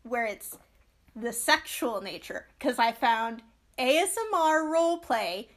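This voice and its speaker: A young woman co-hosting a podcast, chatting casually and ranting in animated bursts with quick asides. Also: a little high. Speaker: podcast co-host. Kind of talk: casual chat.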